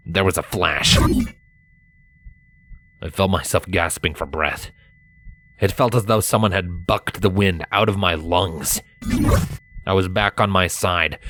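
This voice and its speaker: Deep-voiced male story narrator. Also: a little slow, pauses often, a little hiss or hum. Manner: steady storytelling, first-person narration. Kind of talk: audiobook fanfiction reading.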